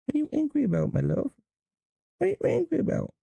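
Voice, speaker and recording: A woman talking baby talk to her pets, with high, loud cooing that often turns away from the mic. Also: huge pitch swings, quick pace, gravelly, no room sound.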